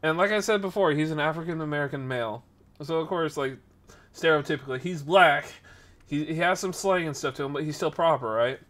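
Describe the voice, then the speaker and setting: A man in his twenties hosting a podcast and livestream, telling stories in casual chat, full of fillers and sudden jumps in loudness. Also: on the high side. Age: 20s. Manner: animated, filler-heavy, quick shifts in loudness. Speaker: podcast host and streamer.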